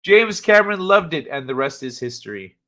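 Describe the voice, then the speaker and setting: A young man hosting a laid-back livestream, chatting and reading news out loud with frequent swearing. His voice is bright and forward, and he talks in a loose, offhand way. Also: a little high, animated, brisk. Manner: chatty, swears casually, reads articles with asides. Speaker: livestream host. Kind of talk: casual chat reading news and chat aloud.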